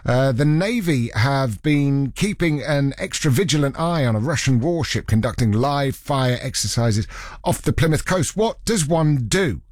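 A man's voice: medium pitch, expressive, unhurried, a little mellow, no echo, studio quality. A man presenting a radio show, chatting between songs with wry, jokey asides. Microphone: studio mic.

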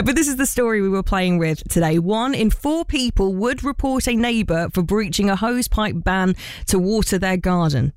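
A woman's voice: medium pitch, no echo. A woman presenting a breakfast radio show, chatty and playful, laughing easily as she reads out listeners' entries. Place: radio studio. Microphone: studio microphone.

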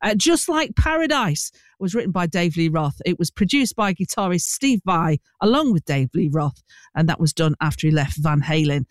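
A man's voice: sits high, no room sound. A man presenting a radio segment on an old rock song, chatty and enthusiastic with plenty of "uh" fillers. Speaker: radio host.

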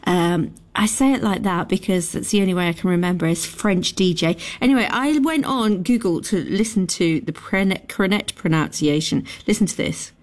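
A woman's voice: lowish voice, expressive, normal speed, few pauses. A woman radio presenter chatting casually and self-deprecatingly between songs.

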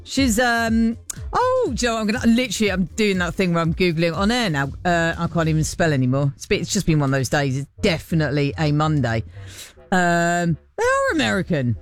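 A woman's voice: fairly low pitch, very animated, a little fast, no echo, faint music behind. A woman presenting a radio show, chatting playfully with listeners and laughing at herself. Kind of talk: casual radio chat with listeners. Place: radio studio. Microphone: studio microphone.

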